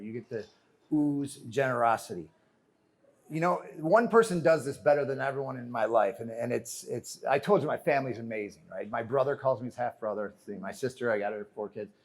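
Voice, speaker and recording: A man gives a motivational keynote on a conference stage. He tells his story in an animated, joking way and keeps turning to the crowd as "friends." His voice sits at a middling pitch for a man. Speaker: keynote speaker. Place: conference stage before a live audience.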